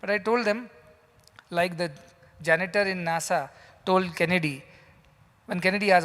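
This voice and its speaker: A man's voice: high voice, normal speed, long pauses, fairly bright tone. A man giving a sermon as a spiritual teacher in a large hall, emphatic and full of rhetorical questions. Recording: long hall reverb.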